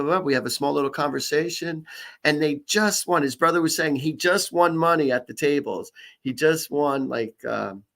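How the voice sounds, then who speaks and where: A man's voice: fairly high pitch, gravelly, a bit bright. A middle-aged man hosting a psychic reading show, chatting casually with viewers, rambling through stories and cracking jokes. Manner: rambling storyteller, jokey, many restarts. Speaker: psychic and comedian host. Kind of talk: casual live-stream chat and horoscope reading.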